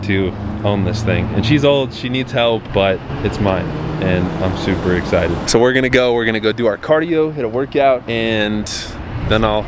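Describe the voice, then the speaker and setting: Excitable young man over car noise. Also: fairly low pitch, normal speed. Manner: excitable, slangy, enthusiastic. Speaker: car vlogger. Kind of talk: casual vlog talk to camera. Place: in and around a car, partly driving. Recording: clear car and road noise.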